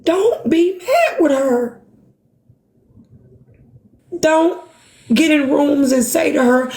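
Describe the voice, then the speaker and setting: A woman's voice: high voice, expressive, takes it slowly, gravelly, pauses often, a little mellow, roomy sound. A woman hosting a livestream, talking in an impassioned, profane and self-reproaching way to her supporters. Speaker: livestream host. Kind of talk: emotional livestream talk.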